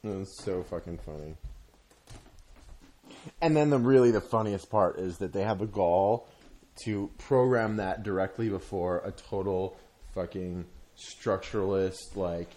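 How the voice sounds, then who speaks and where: A man telling a story in casual chat, rambling and halting, with frequent swearing. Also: sits low, dark tone.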